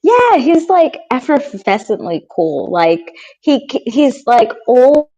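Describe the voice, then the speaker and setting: A woman with a Midwestern American accent, a television co-producer talking as a guest in a casual interview, bubbly and quick to laugh. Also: high-pitched, big pitch swings, mellow, muffled recording. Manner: bubbly, laughs often, full of "like".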